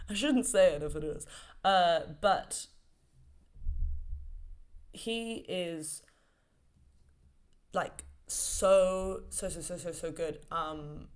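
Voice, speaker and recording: A woman's voice: lowish voice, slow, pauses often. A woman hosting a casual solo podcast, talking in an enthusiastic, rambling way with lots of fillers and the odd swear word. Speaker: podcast host.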